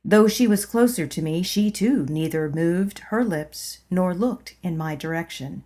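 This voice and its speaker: A woman narrating a spiritual memoir as an audiobook, in a calm, measured reading voice. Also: lowish voice. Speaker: audiobook reader.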